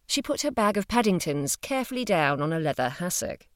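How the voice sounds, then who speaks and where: A woman narrating a novel in a measured, expressive storytelling voice. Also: fairly low pitch, no room sound, clean studio sound. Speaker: audiobook narrator.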